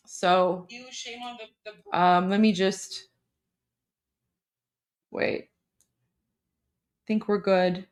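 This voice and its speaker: A woman's voice: mid-range voice, level tone, very slow, long pauses, smooth. A woman hosting live commentary, translating a clip for viewers, emphatic and full of repeated words and fillers. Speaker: host.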